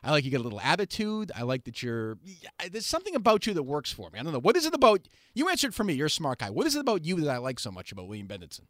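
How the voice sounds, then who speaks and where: Loud, lively male radio host. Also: rapid-fire, dry recording, studio quality. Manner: loud, jokey, swings between shouting and low asides. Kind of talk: brash comedic radio banter.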